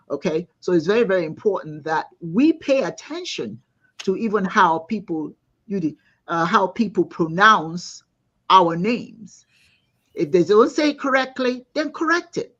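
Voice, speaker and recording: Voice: medium pitch, a bit bright, muffled recording. A host moderating a live panel discussion, affirming the guests and reading out viewer comments.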